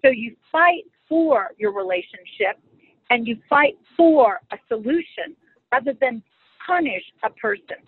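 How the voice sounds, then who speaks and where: A middle-aged woman speaking as a guest on marriage and faith, teaching in a conversational, animated and humorous way. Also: a little high, measured pace, breathy edge. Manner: animated and humorous, acts out quoted lines. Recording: phone-like dry audio.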